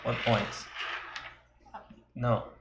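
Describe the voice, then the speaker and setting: A man chatting casually while playing a board game, playful and humming little beep-boop noises. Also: very slow. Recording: echoey room with faint noise.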